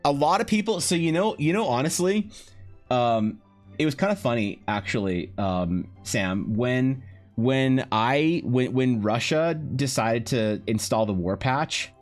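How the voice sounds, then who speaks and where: A man's voice: medium pitch, animated, measured pace. Rambling man streaming, faint music. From Canada. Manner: rambling, swears freely, many restarts. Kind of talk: casual live-stream chat.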